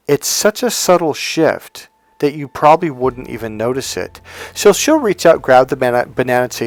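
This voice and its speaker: A man's voice: mid-range voice, animated, moderate pace, dry recording, faint music behind. Emphatic man coaching on dating. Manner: emphatic, repetitive, acts out examples. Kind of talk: casual monologue to camera.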